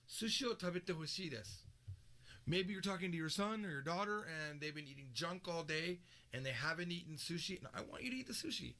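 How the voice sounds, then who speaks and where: A man teaching a recorded language lesson, explaining with lively, joking examples. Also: on the high side, creaky. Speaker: Japanese teacher.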